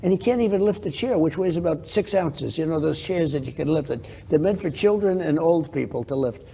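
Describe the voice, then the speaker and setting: Older new guy with a gravelly, really dark voice, rambling and bragging, repeats himself a lot in a tv interview. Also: on the high side, lively intonation, brisk. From New York. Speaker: interview guest. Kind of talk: TV interview answers.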